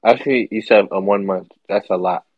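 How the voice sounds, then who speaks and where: Low-voiced man, dull lo-fi sound. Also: fairly quick. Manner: hesitant, repeats words. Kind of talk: casual chat.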